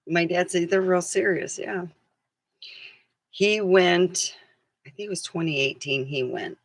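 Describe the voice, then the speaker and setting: A woman's voice: lowish voice, measured pace, no room sound. A middle-aged woman vlogging in a casual, rambling chat, who laughs often and acts out the things people said.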